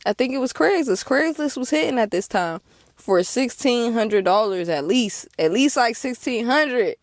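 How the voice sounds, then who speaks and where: Woman, young, high voice, lively storytelling, dry close sound. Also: normal speed, no echo. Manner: animated, laughs often, acts out quotes. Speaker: car dealer and vlogger. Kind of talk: casual storytelling to camera.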